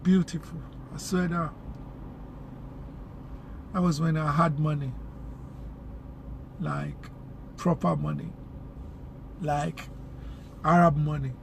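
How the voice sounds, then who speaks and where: A man's voice: a little high, flat delivery, slow pace, vocal fry, long pauses. Chatty Nigerian man talking while driving. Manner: rambling, chatty, street slang. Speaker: vlogger. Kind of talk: casual chat while driving. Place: inside a car in city traffic. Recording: loud road and traffic noise.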